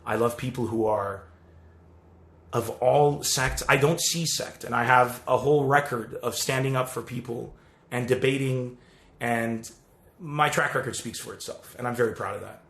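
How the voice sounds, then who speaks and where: A man's voice: medium pitch, normal speed, creaky, fairly bright tone. A male comedian speaking casually and earnestly to his followers in a rambling, apologetic self-recorded video. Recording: roomy echo.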